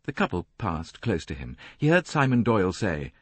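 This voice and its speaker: A man narrating an audiobook in a measured, expressive reading on a close studio mic. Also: sits low, breathy edge, no echo. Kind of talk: scripted narration.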